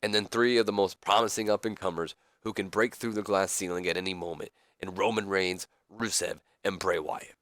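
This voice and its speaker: A brash old-school wrestling talk-show host hypes up his guests with drawn-out emphasis, as a man puts him on. The voice is low and rather dry. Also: steady tone, fairly bright tone, dry recording. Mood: hyping. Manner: showman hype, drawn-out emphasis.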